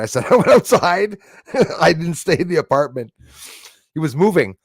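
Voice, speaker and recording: Animated and a little fast, a middle-aged Canadian man hosts a relaxed livestream, reading comments and rambling with fillers, restarts and chuckles. His voice is on the high side, gravelly and husky, captured as clean studio sound with no room sound.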